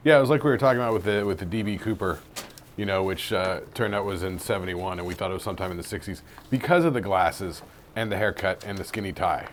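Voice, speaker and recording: A man's voice: sits low, fast talker, slight background noise. A man co-hosting a podcast in casual chat with a dry, teasing manner. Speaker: podcast co-host.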